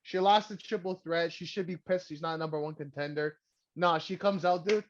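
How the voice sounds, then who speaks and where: A man co-hosts a casual wrestling recap podcast, rambling, sarcastic, and cursing freely. His voice is a little high and brisk with fairly even intonation, and the recording sounds dull and lo-fi.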